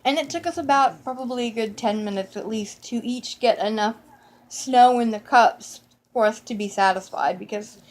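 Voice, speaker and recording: A woman telling a whimsical childhood holiday memory in a lively, playful way, with self-corrections along the way. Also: on the high side, normal speed. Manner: animated and whimsical, with playful acted-out quotes and frequent self-corrections. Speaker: storyteller. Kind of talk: personal storytelling, holiday memory.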